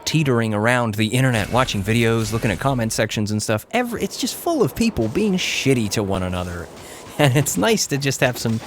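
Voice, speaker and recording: A man's voice: animated, fairly quick. A young man streaming a game, chatting casually, reading viewer comments aloud and swearing at the action. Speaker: gaming streamer. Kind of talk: casual live-stream chat while playing. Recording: noisy low-quality stream audio.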